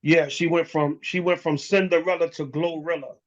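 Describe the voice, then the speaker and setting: A man with a notably high voice delivers a preaching lesson as an elder. He talks bluntly, drops curses and street slang, and the recording sounds dull and muffled. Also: fairly even intonation, normal speed. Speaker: elder teaching a congregation.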